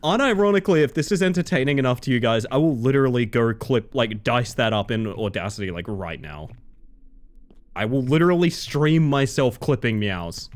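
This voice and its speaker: A male game streamer talking casually to his live chat, excitable and quick to dissolve into laughter. His pitch leaps up and drops down all the time, from squeaky high bursts to low mutters, and he sits at an ordinary middle pitch for a man. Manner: excitable, breaks into laughter, chats to viewers.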